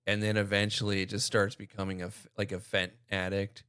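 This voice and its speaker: A man's voice: fairly low pitch, monotone, fairly quick, a bit bright, clear, resonant tone, no room sound, studio quality. A man hosting a reaction video, riffing bluntly and profanely in crude commentary.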